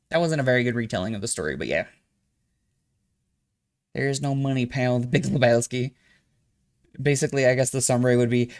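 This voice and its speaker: Young guy streamer, cussing a lot, gets loud and jumpy telling stories, normal pitch. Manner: profane, animated storytelling with sudden loud jumps. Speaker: streamer reacting to a video. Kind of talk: casual live-stream commentary.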